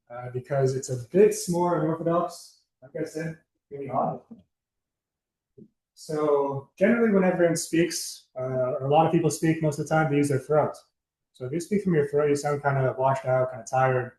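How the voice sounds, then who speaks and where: A man's voice: fairly high pitch, a little mellow. A young man giving a casual, chatty presentation to a student club, loose and full of fillers and asides. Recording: echoey room.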